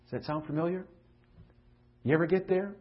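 Middle-aged male pastor, sermon delivery, slightly high voice, dull lo-fi audio, big loud-to-hushed swings. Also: a little fast. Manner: swings from loud pleading questions to hushed confiding tones. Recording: dull lo-fi recording.

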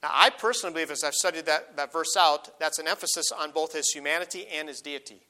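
A middle-aged man preaching a sermon as a pastor, earnest, slowing down and rising when he reads scripture aloud. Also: on the high side, sharp tone. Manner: earnest, slows and rises on quoted verses.

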